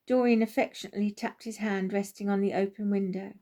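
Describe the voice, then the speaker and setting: A woman narrating a children's story aloud, gently and expressively. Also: medium pitch, fairly quick, hardly any pauses. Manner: gentle, expressive, does voices for each character. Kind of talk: storybook narration with character voices.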